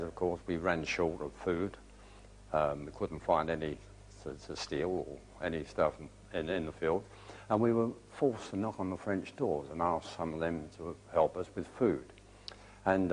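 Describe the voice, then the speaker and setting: Older man, very low voice, reminiscing. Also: poor audio. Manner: plain, understated storytelling with hesitations. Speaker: war veteran interviewee. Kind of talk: spoken recollection.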